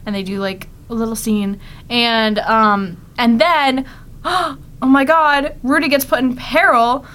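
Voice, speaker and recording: A young woman co-hosts a podcast, casually recapping episode plots with frequent giggles and filler words. Her fairly high, fairly bright voice keeps a steady tone at a slow pace.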